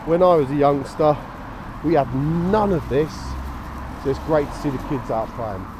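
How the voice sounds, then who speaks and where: A slightly high-voiced English man narrates a casual vlog while walking his dog through a park, along a canal path and down a high street. He speaks animatedly at a moderate pace, chatty and matter-of-fact, with outdoor street noise behind him.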